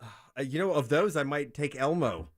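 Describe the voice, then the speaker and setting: Sheepish wry guy in the banter, highish, bouncy voice. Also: lively intonation, moderate pace, no room sound, clean studio sound. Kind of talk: comedy radio banter.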